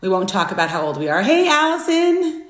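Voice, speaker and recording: A middle-aged woman hosting a casual live stream, chatty and friendly, greeting viewers by name with bursts of excitement. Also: fairly low pitch, rapid-fire. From Florida. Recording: echoey room.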